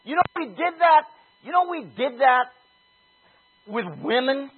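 A man preaching a sermon, telling a personal story with animated, shouted bursts. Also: extremely high pitch, measured pace. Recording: husky voice over a tinny phone-like line.

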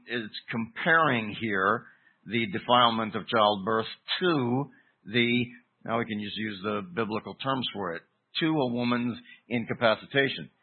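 A man delivers a verse-by-verse sermon at an unhurried pace, leaning on key words with deliberate pauses. His voice is husky, and the recording sounds thin and tinny, like a phone line. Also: medium pitch. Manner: deliberate, emphatic teaching with pauses. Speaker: preacher. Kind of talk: expository sermon.

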